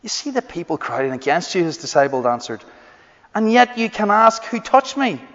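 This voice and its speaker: A man preaching a sermon in a hall, reading a scripture passage and then explaining it with emphatic, drawn-out stresses. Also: sits high, very animated, a bit bright. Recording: dull, echoey hall recording.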